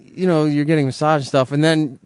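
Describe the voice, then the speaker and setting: Hesitant, halting man. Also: fairly high pitch, fairly even intonation, clear, resonant tone, dry recording. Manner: hesitant, halting, lots of restarts. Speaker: radio show regular. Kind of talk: sheepish storytelling on radio.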